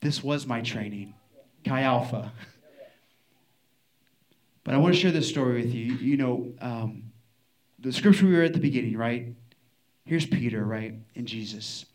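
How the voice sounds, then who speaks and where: A man preaching a sermon as a missionary from the United States, telling a story with lively acted-out dialogue. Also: mid-range voice, measured pace, long pauses. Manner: animated storytelling, acting out quoted dialogue.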